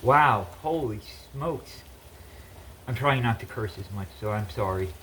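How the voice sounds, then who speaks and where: A man's voice: lowish voice, lively intonation, measured pace, a bit bright, slight background noise, poor audio. A man casually chatting in his home kitchen while cooking, rambling with lots of fillers. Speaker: home cook vlogger.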